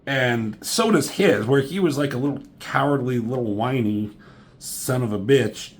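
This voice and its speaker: With a medium-pitched voice, this man gives an offhand comic book review, full of sarcasm and profanity, poking fun at the characters through quick impressions.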